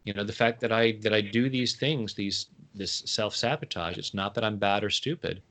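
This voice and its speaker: A man chatting as an interview guest, playful and quick to laugh at his own jokes. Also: lowish voice, steady tone, fairly bright tone. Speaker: guest, tapping coach. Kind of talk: casual interview chat.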